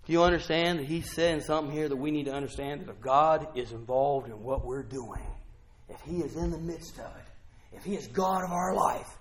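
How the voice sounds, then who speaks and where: A middle-aged male pastor preaching a sermon, swinging from quiet asides to shouted exclamations. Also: on the high side, normal speed.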